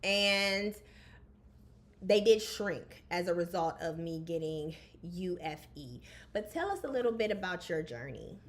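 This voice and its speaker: A woman's voice: fairly low pitch, lively intonation, unhurried. A woman hosting a podcast, chatting candidly and casually from her home over a video call. She talks openly and informally, calling her guest "girl.". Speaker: podcast host. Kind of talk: casual chat.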